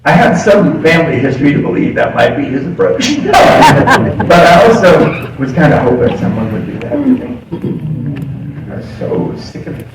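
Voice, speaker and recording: Middle-aged male speaker, confiding storyteller, lively delivery; live hall recording, roomy and noisy. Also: a little high, normal speed. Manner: animated storyteller, laughs often, confiding. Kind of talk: recovery story told from a podium. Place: meeting hall. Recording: echoey hall, distant mic, background noise.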